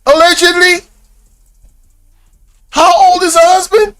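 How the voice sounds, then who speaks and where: High-voiced man exclaiming in disbelief. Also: steady tone, a little slow, fairly bright tone, soft background music. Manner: exclaiming, incredulous, often laughing; slang-heavy, addresses viewers directly. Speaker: reaction video host. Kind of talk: casual reaction commentary.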